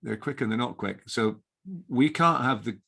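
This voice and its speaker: A man's voice: mid-range voice, normal speed, vocal fry, bright, forceful tone. A middle-aged man, an inn owner, chatting as a guest in a casual interview, rambling with many restarts and fillers.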